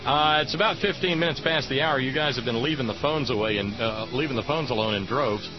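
A man's voice: medium pitch, quick pace, music in the background. Wry rambling male radio host, muffled. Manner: rambling, wry, stammering restarts. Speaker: radio talk show host. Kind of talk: casual radio talk with live ad read.

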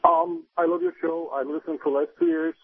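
A man's voice: fairly high pitch, level tone, breathy edge, dry recording. Polish man calling over a tinny phone. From Poland. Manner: halting, careful non-native phrasing. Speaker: caller. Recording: bad, tinny phone line.

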